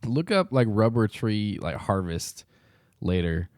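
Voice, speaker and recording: Low-voiced rambling male podcaster. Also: big pitch swings, measured pace, a little mellow, dry recording, clean studio sound. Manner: rambling storyteller, laughs often, swears casually. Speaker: podcast co-host. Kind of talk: casual chat.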